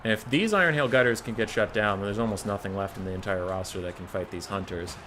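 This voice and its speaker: A man with a fairly low voice casts a strategy game tournament live on stream. He is chatty, drifts into asides and answers his chat between calls. Faint music plays behind him. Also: fast, pushed and bright. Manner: chatty, digressive, talks to chat viewers.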